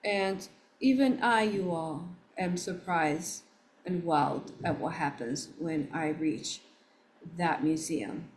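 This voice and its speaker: A woman hosting a livestream, telling a story in a casual, excitable way, with frequent exclamations and restarted sentences. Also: low-pitched, slow pace. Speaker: livestream host.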